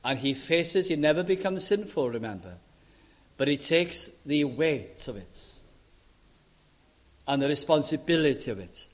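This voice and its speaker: High-voiced earnest man preaching a sermon. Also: lively intonation. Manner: earnest, emphatic, drawn-out stresses, voice drops low and soft at phrase ends.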